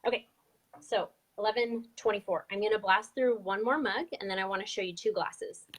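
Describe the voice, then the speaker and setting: A woman's voice: medium pitch, fairly quick. A woman teaching a live online drawing lesson, chatty and upbeat as she explains each step. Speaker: drawing instructor.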